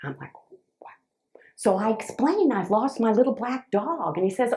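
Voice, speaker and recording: A woman speaker telling a personal story to a live audience. She is expressive and halting, with restarts, and swings between loud and hushed. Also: a little high. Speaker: motivational speaker.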